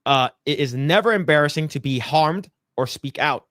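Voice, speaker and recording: A man hosting a podcast, talking in an animated, rambling way with many fillers. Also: fairly high pitch, moderate pace, dry recording, studio quality. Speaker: podcast host. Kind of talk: casual commentary.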